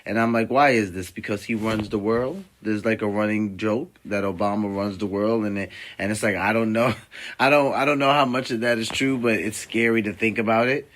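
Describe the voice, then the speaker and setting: A man's voice: on the low side, steady tone, brisk, a bit bright. A man hosting a livestream, commenting casually and conversationally, rambling with many fillers. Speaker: livestream host. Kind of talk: casual reaction stream commentary.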